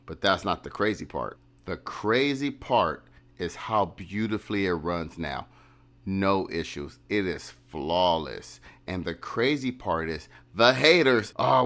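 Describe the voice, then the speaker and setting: A man's voice: on the low side, a bit bright. A man hosting a casual vlog, telling a story animatedly and acting out the quotes of others. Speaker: vlogger.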